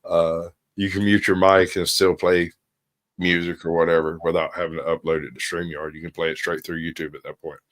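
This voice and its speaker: Deep voiced guy hosting a livestream, chill, lots of uhs. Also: level tone, fairly quick, a bit bright, dry recording. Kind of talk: casual panel chat. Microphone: streaming call mic.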